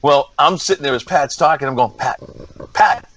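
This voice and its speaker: A man's voice: mid-range voice, fast talker, a bit bright. A man co-hosting a podcast, telling a locker-room story with enthusiasm and prompting the guest. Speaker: podcast co-host. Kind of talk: casual podcast chat.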